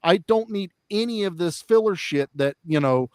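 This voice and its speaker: Guy ranting happily, cusses a lot, kinda high voice, dry mic. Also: animated, normal speed, clear, resonant tone, dry recording. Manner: enthusiastic, swears freely. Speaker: podcast guest. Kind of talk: casual chat.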